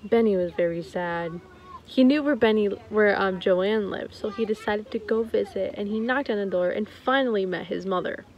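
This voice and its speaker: A young woman improvising a story at home, playful and a little halting. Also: mid-range voice, a little mellow, muffled recording. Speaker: co-host telling a story.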